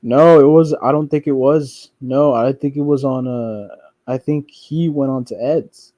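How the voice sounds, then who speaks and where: A man rambles through casual commentary, swearing freely and restarting his sentences over and over. His voice is mellow and dark. The recording is close and dry. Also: mid-range voice, fairly even intonation, unhurried, no echo. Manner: profane, rambling, with frequent restarts and fillers; mocks others by quoting them in a whiny voice. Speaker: streamer commenting on online drama.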